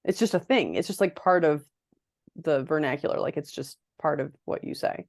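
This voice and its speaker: A woman's voice: low-pitched, normal speed, a little mellow, dry recording, studio quality. A woman co-hosting a podcast over a video call, chatting casually and laughing often. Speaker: podcast co-host. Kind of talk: casual chat.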